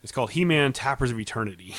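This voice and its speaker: A man's voice: mid-range voice, animated, fast, fairly bright tone, no echo. A man co-hosting a casual podcast, telling stories and laughing often. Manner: chatty storyteller, laughs often. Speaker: podcast co-host. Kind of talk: casual chat.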